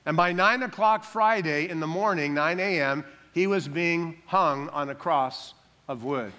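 A man preaching an Easter sermon, emphatic, calling for amens and dropping soft and slow on solemn lines. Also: a little high. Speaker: pastor.

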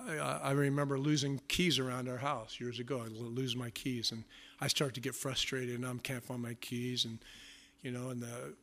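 A man's voice: mid-range voice, fairly bright tone. A middle-aged man preaching a sermon, telling stories with self-mocking humor in a conversational way. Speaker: pastor.

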